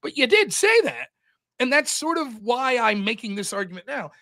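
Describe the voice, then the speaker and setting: A man holds forth as a podcast guest. His voice is high and sharply bright. He talks with animated, profane energy and acts out quoted exchanges in different tones as he goes. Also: moderate pace. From outside the United States. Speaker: podcast guest taking over the show. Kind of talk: casual podcast chat about debating.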